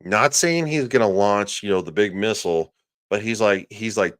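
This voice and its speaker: A man's voice: fairly low pitch, moderate pace, fairly bright tone. A man delivering a ranting reaction commentary, sarcastic, profane and mocking. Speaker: political commentator.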